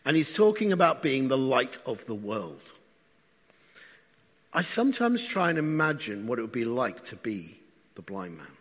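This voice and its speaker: A man's voice: medium pitch, husky. A man preaching a sermon in a conversational way, often asking the congregation questions. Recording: long hall reverb.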